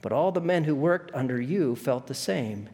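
A man voicing the calm spirit of a reformed man, speaking gently, plainly and steadily. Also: medium pitch, moderate pace, close to an everyday voice. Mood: earnest. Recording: long echo of a large hall.

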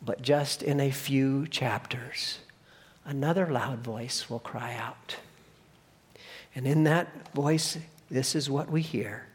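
A male pastor preaching a sermon, swinging from booming emphasis to hushed near-whispers and driving points home with repeated phrases. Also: takes it slowly, breathy edge. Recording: long reverb of a large hall.

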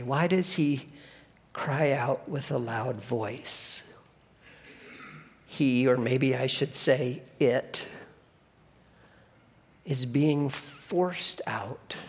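A male pastor preaching a sermon, swinging from booming emphasis to hushed near-whispers and driving points home with repeated phrases. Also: vocal fry. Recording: long reverb of a large hall.

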